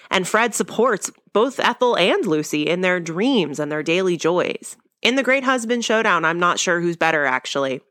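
A woman's voice: lowish voice, fairly bright tone, no room sound, studio quality. A young woman hosting a podcast, recapping a sitcom episode in a chatty, wry and opinionated way. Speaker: podcast host.

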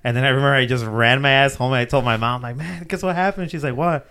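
A man with a mid-range voice telling a story at an easy, unhurried pace. He talks loosely and swears a lot, with a laugh never far from his words. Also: mid-range voice, flat delivery, sharp tone, clean tone. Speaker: podcast host. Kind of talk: casual storytelling.

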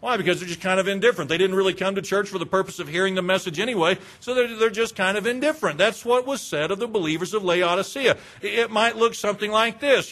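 A man's voice: high-pitched, fast, few pauses, fairly bright tone. A man, a pastor, preaching a sermon in a conversational way, asking rhetorical questions and mimicking indifferent churchgoers.

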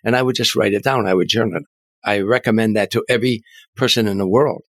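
Older male guest, low voice, dry close sound, animated storyteller who stammers on restarts. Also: fast, no room sound. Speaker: interview guest, comedian and author. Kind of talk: storytelling in an interview.

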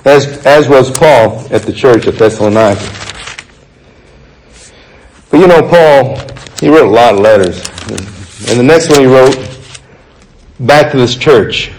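A man preaching a sermon, reading scripture passages aloud and explaining them in an earnest, conversational way, slowing down to stress key points. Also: medium pitch, expressive, a little mellow, a little hiss or hum, poor audio. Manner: earnest, conversational, slows for emphasis.

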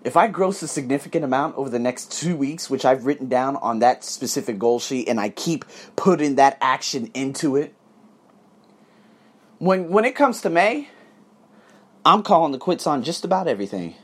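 A husky-voiced man runs his own podcast as a solo motivational talk. His pitch swings all over as he preaches, swearing freely and egging on his listeners. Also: moderate pace. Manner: animated, profane, preachy. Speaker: podcast host. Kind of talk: motivational monologue. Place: abroad, living in Thailand.

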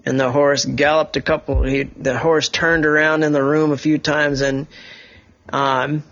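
A man's voice: fairly high pitch, flat delivery, measured pace, fairly bright tone, muffled recording. A father improvising a bedtime story, rambling and correcting himself as he goes.

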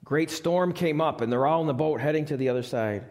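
A male pastor preaching a live sermon in a church, swinging from loud, high appeals to hushed, low lines. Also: brisk. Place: church sanctuary. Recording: long reverb of a church hall.

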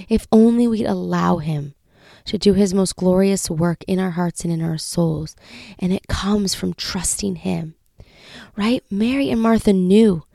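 Soft-spoken gravelly woman podcaster. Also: mid-range voice, no echo, clean studio sound. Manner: earnest, heartfelt, often drops to a soft whisper. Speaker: podcast host. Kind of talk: faith podcast reflection.

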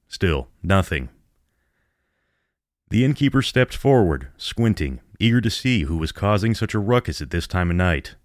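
Man, horror audiobook narrator, very deep voice, measured, dry close recording. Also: expressive, no room sound.

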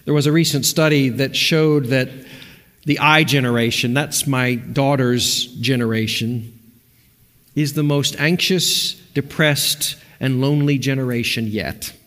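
A man preaching a sermon as pastor, reading scripture with measured, expressive emphasis. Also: mid-range voice, big-room sound. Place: church sanctuary.

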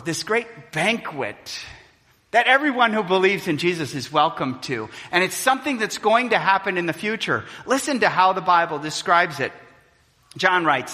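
A man preaching a sermon as pastor, swinging between loud emphatic passages and hushed, quiet ones. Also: fairly high pitch. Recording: long reverb of a large hall.

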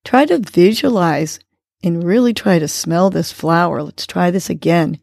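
A woman hosts a short morning wellness podcast, leading listeners through breathing exercises. Her voice sits a little low and unhurried, with slow, deliberate pacing. The sound is close and dry, with no room around it. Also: gravelly, darkish tone, dry recording. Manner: slow, soothing, encouraging delivery. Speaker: podcast host. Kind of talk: guided breathing and motivational talk.

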